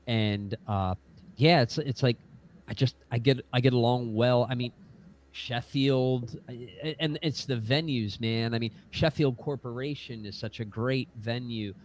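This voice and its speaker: A man talking casually as a musician guest on a podcast, halting often and restarting his words, with casual swearing. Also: mid-range voice. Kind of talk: casual chat.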